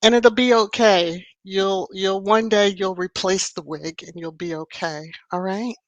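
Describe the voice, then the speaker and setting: Slow-talking woman hosting a livestream. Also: mid-range voice, steady tone, dry recording, dull audio. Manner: playful, chatty, laughs often. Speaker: livestream host. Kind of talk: casual live-chat talk.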